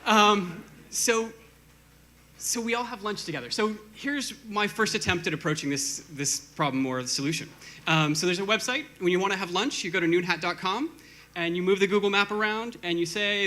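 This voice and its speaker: A man speaks on a stage with a high, very bright and keen voice. He talks quickly in a casual, self-deprecating way, full of ums and restarts. Faint room noise sits under the stage mic. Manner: quick, self-deprecating, halting with many fillers. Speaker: conference speaker. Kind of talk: short stage talk.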